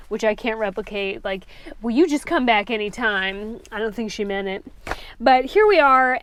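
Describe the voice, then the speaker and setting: A woman's voice: a little high, a little hiss or hum. A woman narrating a casual travel vlog in a chatty, breezy way, with the odd casual swear. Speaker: travel vlogger.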